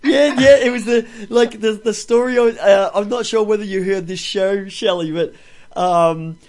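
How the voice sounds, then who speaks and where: High-voiced Australian man hosting radio. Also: measured pace, a little mellow. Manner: rambling, swearing, with many fillers and restarts. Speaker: radio talk show host. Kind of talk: casual radio talk.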